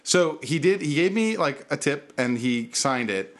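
Animated man telling a bar story. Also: unhurried. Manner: animated, acts out quotes with big pitch jumps. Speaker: podcast host. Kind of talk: casual storytelling chat.

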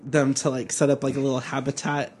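A man's voice: mid-range voice, level tone, brisk, darkish tone, slight background noise. A man co-hosting a podcast, telling a story in casual chat, with lots of "like". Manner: chatty, many likes. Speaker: podcast co-host.

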